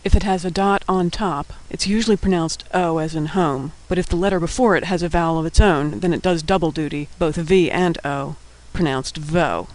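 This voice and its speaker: A man giving a scripted lesson, naming each letter and explaining its sound in a patient, clear way. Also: on the high side, moderate pace, hardly any pauses, poor audio. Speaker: teacher. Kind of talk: scripted instructional narration.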